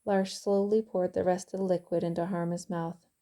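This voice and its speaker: A woman author reading her own novel aloud in calm, even audiobook narration. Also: lowish voice, moderate pace.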